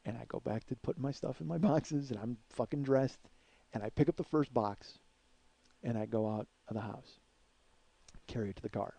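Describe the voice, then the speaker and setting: A man's voice: mid-range voice, normal speed, vocal fry, warm tone, no echo. A man in his forties hosting a comedy podcast, telling a story with plenty of swearing and "uh"s. His voice sits in an ordinary middle register. It's recorded close and dry, with no room sound at all. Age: 40s. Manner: profane, rambling, with filler words.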